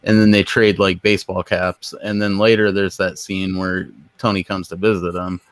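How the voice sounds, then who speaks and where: A man's voice: deep voice, level tone, normal speed. A man on a casual panel, chatty and blunt, swearing freely. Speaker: discussion panelist. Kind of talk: casual group chat.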